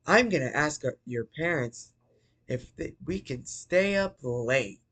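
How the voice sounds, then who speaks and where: A creepy male toy rabbit animatronic, as a man puts him on while recapping a movie. He talks slowly in a slightly high voice, spiteful toward parents. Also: lively intonation, a bit bright, heavily acted. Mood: menacing.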